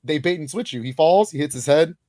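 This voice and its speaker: A slightly high-voiced young man co-hosts a podcast, captured clean in a studio with no room sound. He talks casually and energetically, his speech crowded with fillers and quick laughs.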